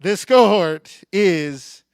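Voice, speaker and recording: A man's voice: sits high, expressive, extremely slow, creaky, clean tone, no room sound, clean studio sound. A man emceeing a live awards night on a handheld microphone, joking with and hyping up the crowd. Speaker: event emcee. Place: event hall stage.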